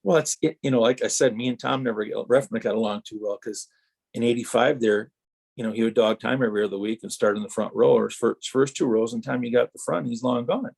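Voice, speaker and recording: He's a fast talker with a medium pitch, vocal fry, and a slightly rough texture. On a podcast, this middle-aged former racer from Wisconsin rambles through animated racing anecdotes, voicing each quoted exchange himself.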